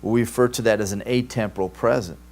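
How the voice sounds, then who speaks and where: A man's voice: lowish voice, steady tone, fast, darkish tone. Male teacher, classroom lecture, explanatory, frequent "right?" check-ins, live stream. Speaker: Greek teacher.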